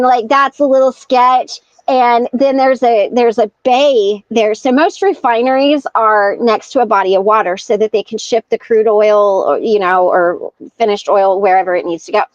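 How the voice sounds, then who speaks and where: High-voiced woman telling an animated story. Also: no echo. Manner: animated storyteller acting out quoted dialogue. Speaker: podcast guest. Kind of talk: casual storytelling. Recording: dull lo-fi sound.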